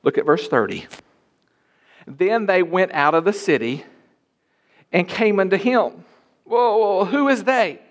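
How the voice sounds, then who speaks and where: Pastor guy preaching slow and drawn out, voice swinging all over, gets shouty. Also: high-pitched, lively intonation. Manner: emphatic preaching, rising to shouts. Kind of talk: sermon. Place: church.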